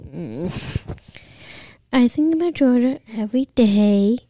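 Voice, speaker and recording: A woman voicing the hosts' pet dog in a shy, hesitant, soft-spoken way. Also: a little high, very animated, slow pace, dry recording, full character voice.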